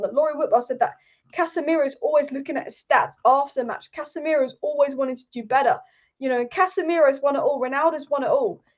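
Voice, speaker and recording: A woman hosting a football channel, ranting in a fired-up, swearing, repetitive way. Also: high voice. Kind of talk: casual opinion rant. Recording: dull lo-fi audio.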